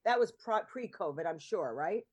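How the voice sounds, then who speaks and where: A woman's voice: on the low side, animated, moderate pace, darkish tone. A woman hosting and producing a podcast, introducing guests in a chatty, rambling way with lots of ums. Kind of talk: casual chat show introductions.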